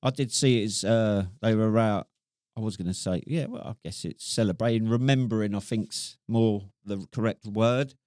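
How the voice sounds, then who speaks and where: A man's voice: on the low side, normal speed, a little mellow, no echo, studio quality. A middle-aged man co-hosting a podcast, reacting bluntly and steering the chat. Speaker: podcast co-host, army veteran. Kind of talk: casual chat.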